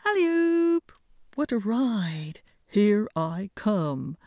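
A woman voicing a simple, cheerful peasant youth who shouts out merrily in a storybook reading. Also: medium pitch, very animated, slow pace, dry recording, clean studio sound. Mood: boisterous.

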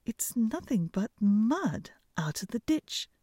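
A woman's voice: fairly high pitch, big pitch swings, slow, dark tone, dry recording, studio quality, pitched above the performer's own voice, exaggerated voice. A woman doing smug mocking brothers. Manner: mocking, self-satisfied. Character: two smug scholarly young brothers.

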